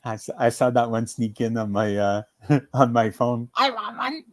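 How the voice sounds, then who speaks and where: Relaxed man from Canada on a dry call. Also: mid-range voice, moderate pace, dry recording. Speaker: guest crafter. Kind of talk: casual live-stream chat.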